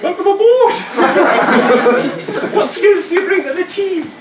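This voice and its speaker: A woman's voice: very high voice, big pitch swings, slow pace. A woman improvising comedy on stage, giggly and often laughing. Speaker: improv performer. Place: theatre stage. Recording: roomy, distant, loud crowd and noise.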